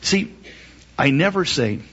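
A man preaching a sermon emphatically, asking rhetorical questions and swinging his pitch up and down. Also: animated, takes it slowly, fairly bright tone, husky. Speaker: pastor. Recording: dull lo-fi recording.

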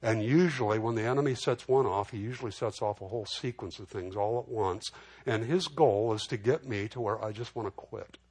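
Man, pastor, lowish voice, conversational sermon, halting restarts. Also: darkish tone, husky. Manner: conversational preaching with many restarts and repeated words.

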